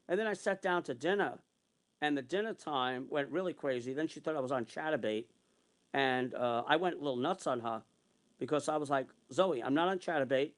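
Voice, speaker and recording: Angry ranting man, raised voice. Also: a little high. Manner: heated, repetitive, swearing; long retellings of arguments in quotes. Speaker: vlogger.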